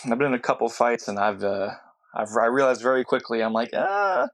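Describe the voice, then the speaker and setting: A man in casual podcast chat, relaxed and quick to laugh along with short reactions. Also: mid-range voice.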